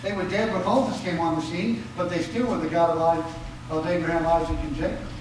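A high-pitched man preaching a sermon, his voice heard from a distance in a very echoey hall. He fires questions at the congregation and answers them himself with emphatic rises and drops. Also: fairly even intonation, brisk, background noise.

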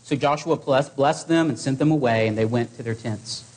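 A man preaching a sermon to his congregation in an earnest, exhorting way, with measured pauses. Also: mid-range voice, a little mellow.

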